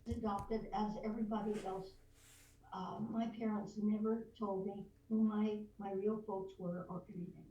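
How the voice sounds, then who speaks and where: An older veteran voice actress, a podcast guest, telling lively anecdotes and slipping into voices. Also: female voice, mid-range voice, normal speed, highs cut off. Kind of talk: storytelling in a podcast interview. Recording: roomy distant mic, faint noise.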